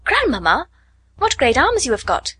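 A woman's voice: sits high, wildly swooping pitch, moderate pace, a bit bright, no room sound, pitched above the performer's own voice, full character voice. A woman voicing a small, innocent girl from a fairy tale, speaking in a raised, wondering, polite tone.

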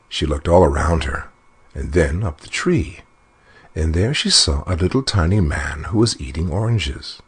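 Deep-voiced husky male storyteller. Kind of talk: storybook narration.

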